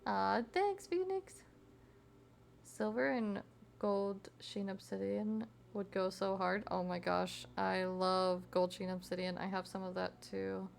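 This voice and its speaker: Young woman, streamer, chatty and giggly, gravelly fry in her voice, casual chat with viewers. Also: medium pitch, steady tone, slow, a little hiss or hum. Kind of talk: casual chat with live chat while crafting.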